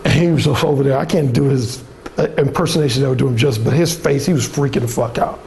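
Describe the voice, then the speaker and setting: A man's voice: mid-range voice, fast talker, a little mellow, a little hiss or hum. A man telling a frank, profane story at a dating seminar, acting out the people in it. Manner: frank, profane, acts out the people in his stories. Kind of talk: storytelling talk.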